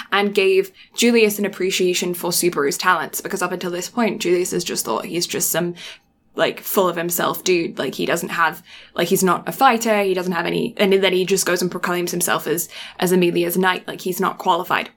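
A woman's voice: lowish voice, gravelly, fairly bright tone. A woman in casual chat, retelling an episode at length with many ums and restarts.

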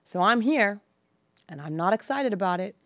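A woman in her thirties from the San Francisco Bay Area, a podcast guest frankly and emotionally telling her personal story, slowing on painful details. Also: mid-range voice, expressive, fairly bright tone, dry recording.

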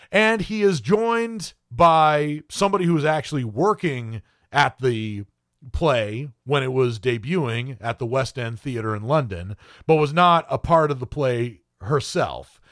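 A man's voice: mid-range voice, no echo, clean studio sound. A man in his late thirties, hosting a film review show and giving his opinions in a chatty way with small laughs and asides. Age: 30s. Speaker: film critic and host.

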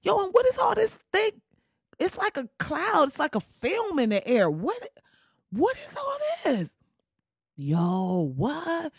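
A man's voice: extremely high pitch, huge pitch swings, takes it slowly, creaky, no echo, clean studio sound, voice pushed up, full character voice. A man putting on the voice of a bewildered former president, firing off incredulous questions and coughing. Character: bewildered ex-president man, returning to a ruined world.

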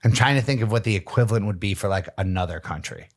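A man's voice: lowish voice, fast. A man co-hosting a podcast, joking loosely and swearing freely. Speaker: podcast co-host. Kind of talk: casual chat.

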